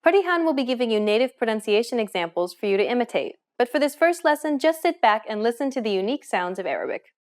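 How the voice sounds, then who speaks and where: Upbeat woman explaining with lively pitch. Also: fast. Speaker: language lesson host. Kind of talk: scripted lesson narration.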